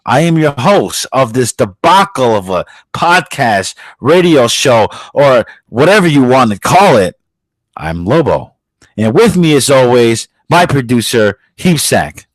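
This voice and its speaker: A male podcast host rants aggressively, swearing heavily and mocking the people he discusses. His medium-pitched voice is sing-song and a little slow, and the recording is dry with poor audio quality.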